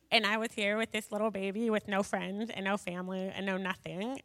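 A woman's voice: mid-range voice, fairly bright tone, clean studio sound. A woman giving a personal faith testimony to an audience, rambling and self-deprecating, full of filler words. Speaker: speaker sharing a personal testimony. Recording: long hall reverb.

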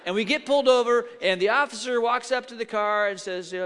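High, bright-voiced middle-aged man preaching. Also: brisk, smooth. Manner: animated storyteller acting out quotes. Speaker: pastor. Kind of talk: sermon with storytelling. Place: large church sanctuary. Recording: long hall reverb.

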